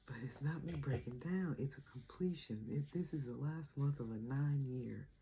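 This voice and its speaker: A woman's voice: very deep voice, moderate pace, mellow, poor audio. A young adult woman vlogging about spirituality, emotional and close to tears, talking casually with slang. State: teary, on the verge of crying. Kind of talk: emotional spiritual vlog chat.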